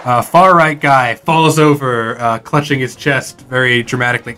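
A man's voice: medium pitch, normal speed, soft background music. A man narrating and running a tabletop role-playing game in a casual, chatty way. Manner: relaxed, chatty narration with fillers. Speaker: game master.

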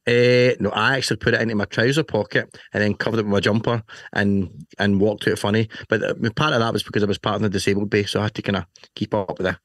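A man's voice: lowish voice, level tone, fast, fairly bright tone, no echo. A man co-hosting a podcast, joking and teasing his guests in casual banter. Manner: jokey, teasing. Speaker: podcast co-host.

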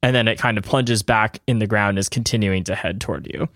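A man's voice: lowish voice, fast, fairly bright tone, no echo, studio quality. A man narrating a tabletop game as game master. He describes scenes in a loose, hedging way, saying "I think" and "kind of" a lot.

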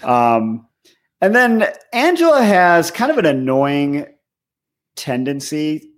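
A man's voice: fairly high pitch, sing-song, takes it slowly. Dry, sarcastic man on a comedy podcast. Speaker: podcast co-host. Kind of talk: casual comedic show-review chat.

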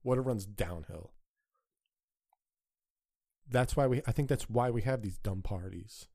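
A man's voice: lowish voice, unhurried, gravelly, dark tone, dry recording, studio quality. A man hosting a podcast, delivering a crude, sarcastic solo rant with an exasperated tone. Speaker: podcast host.

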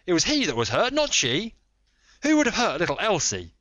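A man reading a volatile American man, grieving and defiant, with an American accent, loud and pleading. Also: mid-range voice, fairly quick, dry recording, natural voice. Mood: frantic.

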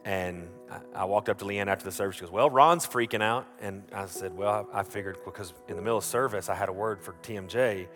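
Male pastor, low-ish voice, storytelling sermon with many restarts, music bed underneath. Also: little pitch movement, fast talker, hardly any pauses.

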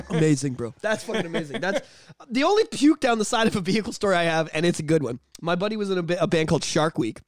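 Fast-talking high-voiced young man. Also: dry recording, studio quality. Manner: animated, swearing, acts out drunk voices. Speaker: podcast co-host. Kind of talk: casual chat.

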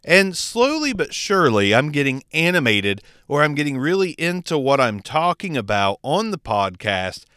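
Smooth-voiced man explaining podcast gear. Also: on the high side, big pitch swings, moderate pace, few pauses, sharp tone, no echo, clean studio sound. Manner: opinionated, chatty, enthusiastic. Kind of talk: casual tutorial. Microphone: speaking into a close dynamic microphone.

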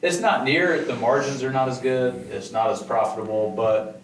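A restaurant owner from Georgia, telling stories in a relaxed way and chuckling often during a casual podcast interview. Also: male voice, medium pitch, normal speed. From Augusta, Georgia, US. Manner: laid-back, chuckling storyteller. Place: studio. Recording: echoey room, distant mic, noisy.

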